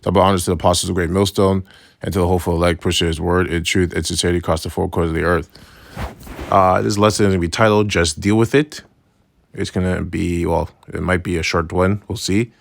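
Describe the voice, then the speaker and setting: A man's voice: low-pitched, steady tone, fast, gravelly. A man teaching a casual Bible lesson in a loose, slangy way, often checking in with "right?". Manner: conversational, keeps asking "right?"; slangy, loose phrasing with restarts. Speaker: religious teacher.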